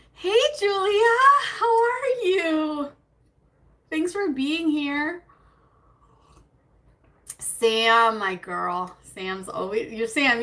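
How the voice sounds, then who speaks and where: A fairly high, bright woman's voice with a lot of sparkle, chatting through a relaxed beauty live stream. She rambles, loses her train of thought and greets viewers by name, with a nervous little laugh now and then. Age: adult with a child. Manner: nervous, self-conscious laughter. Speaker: beauty livestream host. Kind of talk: casual live-stream chat.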